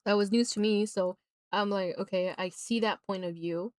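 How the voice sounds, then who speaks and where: A young woman streaming while she draws, retelling a film in a rambling, animated way with many fillers, and turning emphatic and indignant when she gives her opinion. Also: mid-range voice, normal speed. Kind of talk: casual chat while drawing on a livestream.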